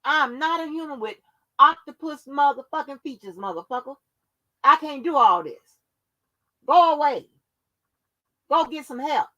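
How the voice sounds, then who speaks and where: High, lively woman ranting angrily. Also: a little slow, pauses often. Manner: profane, confrontational, scolding. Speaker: channel host. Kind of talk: angry rant to viewers.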